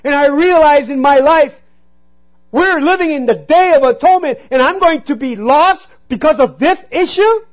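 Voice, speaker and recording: High-voiced man preaching a sermon. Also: animated, normal speed, low-quality recording. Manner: storytelling, call-and-response "Amen?". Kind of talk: sermon with personal story.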